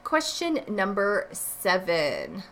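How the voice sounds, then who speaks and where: A woman's voice: medium pitch, huge pitch swings, takes it slowly, gravelly, a bit bright. A woman art teacher recording a review lesson, explaining each answer and driving points home with short repeated phrases.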